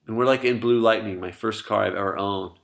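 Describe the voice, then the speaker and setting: A man's voice: fairly low pitch, steady tone, fairly quick, creaky. Young man telling rambling stories. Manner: rambling storyteller, swears freely, laughs often. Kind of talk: casual chat among friends.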